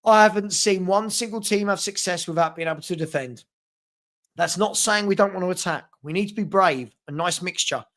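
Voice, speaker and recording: A man's voice: high-pitched, fairly quick, a bit bright. A man hosting a casual live fan chat, thanking viewers by name and answering the chat. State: hiccups. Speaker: fan channel host.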